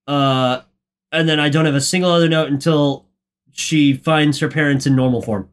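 Podcast co-host, male, highish voice, bewildered, profane, voice jumps up when worked up. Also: steady tone, normal speed. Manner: exasperated, profane, rising to near-shouts. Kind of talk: casual chat.

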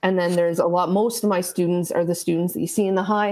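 Female educator guest, lower register, casual and talkative. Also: fairly even intonation, fast, a little mellow, poor audio. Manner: chatty, laughs often, many fillers. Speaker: teacher, podcast guest. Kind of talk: casual interview chat.

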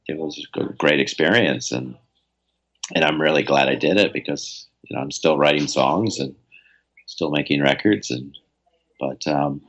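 Low-voiced man rambling through a story. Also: fairly bright tone, lo-fi sound. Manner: rambling, hesitant, lots of fillers. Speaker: musician guest. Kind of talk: casual storytelling.

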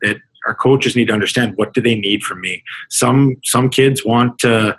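A man who coaches hockey talks through his experiences on a podcast. His voice is husky and mid-pitched, and he rambles earnestly, often circling back to restart a thought. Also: normal speed, a bit bright, poor audio. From Canada. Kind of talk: podcast interview answer.

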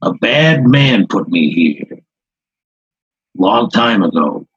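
Muggsy: a man doing a sorrowful soul stuck in a mug, deep husky voice, hesitant and slow, comedy podcast bit. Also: big pitch swings, no room sound, lo-fi sound, heavily acted. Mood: weary. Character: sad trapped man's soul in a mug.

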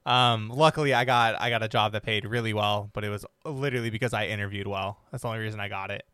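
A man's voice: lowish voice, steady tone, quick pace, pushed and bright, smooth, no echo, clean studio sound. A young adult man hosting a casual interview, chatty and loose with frequent ums and restarts. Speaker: podcast host.

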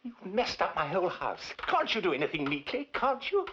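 An actress playing a frantic woman in a horror film, shrill and repeating herself. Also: big pitch swings, fairly quick. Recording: muffled film clip with loud hiss.

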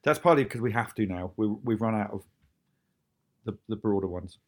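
A man talks fast and easily in a relaxed podcast chat, looking back on how his show was made. He laughs often and keeps the words tumbling out. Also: lowish voice. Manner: quick, chatty, laughs often. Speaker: show creator talking about his series.

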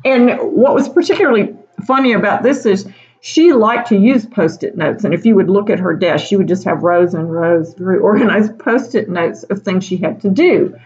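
A woman's voice: medium pitch, normal speed, darkish tone, highs cut off. Chatty woman telling a school anecdote. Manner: chatty, laughs often, frequent fillers like "you know". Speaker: teacher. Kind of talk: casual anecdotal storytelling.

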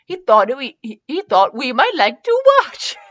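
A woman's voice: high-pitched, very animated, unhurried, a bit bright, highs cut off, pitched above the performer's own voice, exaggerated voice. A woman voicing a fussy, formal male candlestick butler who keeps apologizing politely. She reads him in a comedy podcast. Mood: apologetic.

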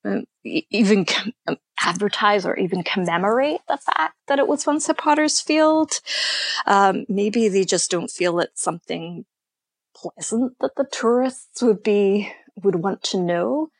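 A woman tour guide being interviewed, telling stories in an unhurried, thoughtful way. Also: medium pitch, lively intonation, breathy edge, no echo. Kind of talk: conversational storytelling interview.

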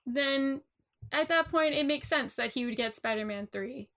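A woman's voice: high voice, bright, forceful tone. A young woman co-hosting a casual movie chat, enthusiastic and chatty. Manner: enthusiastic, chatty, quick laughs.

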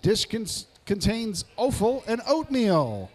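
High, lively-voiced man hosting pub trivia. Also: unhurried. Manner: jokey, reads out answers with asides. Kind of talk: live quiz hosting.

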